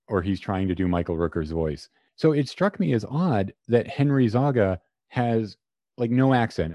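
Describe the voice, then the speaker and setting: Male podcast host, low warm voice, dry close mic; musing conversational delivery. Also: no room sound. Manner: conversational, thinks out loud. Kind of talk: casual podcast chat.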